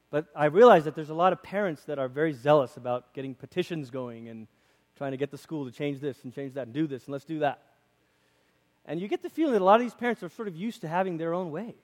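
A man preaching a conversational sermon as a pastor, lively and acting out quoted voices, in a church. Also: a little high, fast, big-room sound. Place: church sanctuary.

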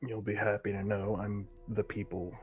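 A man voicing a captured, defiant hero who speaks in a grim monotone and hides his pain. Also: fairly low pitch, normal speed, highs cut off, faint music behind, natural voice.

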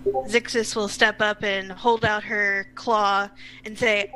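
A woman's voice: mid-range voice, little pitch movement, takes it slowly, sharp tone, a little hiss or hum, poor audio. A woman player at a tabletop game, casually describing her character's actions.

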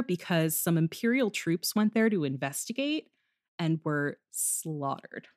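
A woman's voice: deep voice, lively intonation, takes it slowly. A woman co-hosting a casual chat about a video game, wry and chatty, with lots of fillers. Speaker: podcast co-host.

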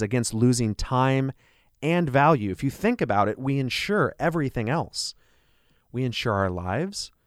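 A man delivers a radio advertisement as a financial advisor. His pitch is earnest and persuasive, built around rhetorical questions. His mid-pitched voice sits close to the microphone in a dry studio sound. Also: dry recording.

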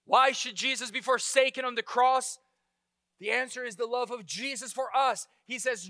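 Impassioned high-voiced male preacher. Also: steady tone, normal speed, no room sound, clean studio sound. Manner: impassioned, swings from loud exclamations to hushed intensity. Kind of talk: sermon.

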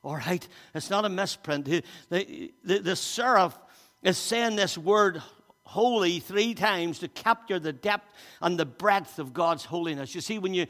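A pastor with a high-pitched, fairly bright voice preaches a sermon in church, speaking a little slowly. He reads scripture aloud with emphasis, often repeating and restarting his words, while the church hall adds a long reverb.

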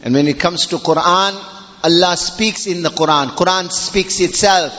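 A male preacher delivers a Friday sermon with mounting passion, his voice high and bright as he hammers each point home. The recording sounds dull and lo-fi, with long reverb trailing off the walls of a large prayer hall. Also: normal speed. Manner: impassioned, emphatic, swelling to near-shouts. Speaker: imam giving a Friday sermon.

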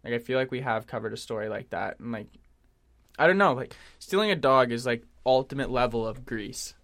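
A man co-hosting a podcast in casual chat, animated, swearing freely and laughing often. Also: mid-range voice, brisk. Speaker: podcast co-host.

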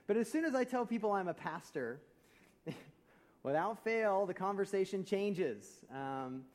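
A man, a pastor, preaching a conversational sermon in a church, telling stories with humor and swinging between loud and soft. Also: sits high, expressive, unhurried.

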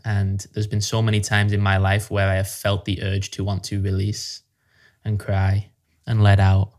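A man's voice: on the low side, completely flat delivery, moderate pace, a little mellow. A young man hosting a podcast, talking in a reflective, affirming way. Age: young adult. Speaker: podcast host. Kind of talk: interview conversation.

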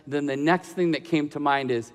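High-voiced preacher man in a reverberant hall. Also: moderate pace. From Michigan. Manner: personal storytelling that builds to impassioned preaching. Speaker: pastor. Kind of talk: sermon.

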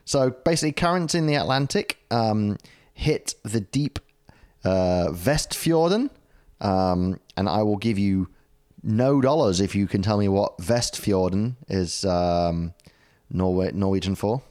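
A man's voice: on the low side, lively intonation, measured pace, a little mellow. A man with a New Zealand accent chatting casually on a podcast, rambling and joking, often laughing. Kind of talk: casual chat.

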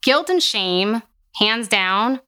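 A woman's voice: fairly high pitch, expressive, very slow, pushed and bright, clean tone. Reassuring woman speaking emphatically. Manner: reassuring, emphatic, uses "like" often. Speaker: guest, occupational therapist. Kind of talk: casual interview conversation.

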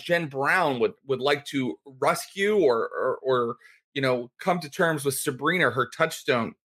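Bright-voiced man hosting a tabletop game. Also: mid-range voice. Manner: chatty, many fillers, quick recap. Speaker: storyteller, host.

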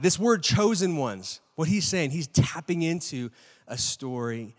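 A pastor in his thirties, with a fairly high, expressive voice, preaches a sermon at a moderate pace in a chatty way, putting questions to the audience and often checking in with "right?". He's in a church hall before a live audience, and the recording carries the long reverb of a large hall.

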